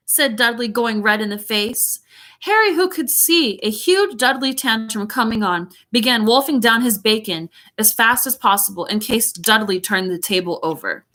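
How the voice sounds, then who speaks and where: A woman's voice: fairly high pitch, animated, moderate pace, pushed and bright. A woman teacher reading a chapter book aloud, breaking off for chatty, giggly asides.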